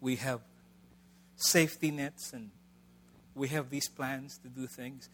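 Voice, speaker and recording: A middle-aged man preaching a sermon in a conversational way, swinging between loud emphasis and soft asides. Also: mid-range voice, fairly even intonation, slow pace, slight background noise.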